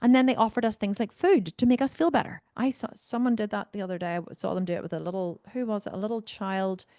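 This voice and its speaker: A woman's voice: mid-range voice, fast, dark tone, no room sound, studio quality. A woman coach, talking bluntly and animatedly to members, swearing now and then and wandering off on tangents. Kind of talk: Q&A talk to members.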